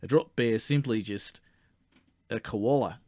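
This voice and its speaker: A man's voice: fairly low pitch, unhurried, a little mellow, no echo, studio quality. A man playing a blunt, slangy male Australian outback guide in a comedy sketch, with an Australian accent, stammering when he gets worked up. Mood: matter-of-fact. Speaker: tour guide.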